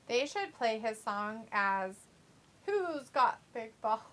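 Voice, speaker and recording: A woman's voice: a little high, very animated, takes it slowly. A young woman casually hosting a live watch-along stream, reading chat aloud with playful, giggly asides. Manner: giggly, playful, sing-song outbursts.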